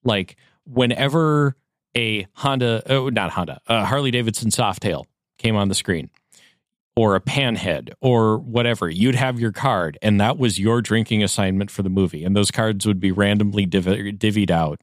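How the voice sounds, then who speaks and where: A man's voice: lowish voice, moderate pace, no echo, studio quality. A man co-hosting a casual podcast, telling a rambling anecdote with self-corrections. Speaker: podcast co-host. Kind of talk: casual chat, storytelling.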